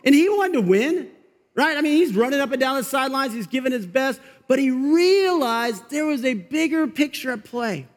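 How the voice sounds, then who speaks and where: A male pastor giving an energetic, conversational sermon in church, getting fired up and laughing as he talks. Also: extremely high pitch. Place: church sanctuary. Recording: long reverb of a large hall.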